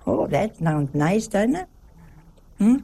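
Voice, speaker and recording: A woman gives a folksy sermon as a religious sister, her mid-pitched voice gravelly with vocal fry. She chats and jokes her way through it, tossing out rhetorical questions. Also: very animated, takes it slowly, warm tone. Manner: chatty, joking, full of rhetorical questions.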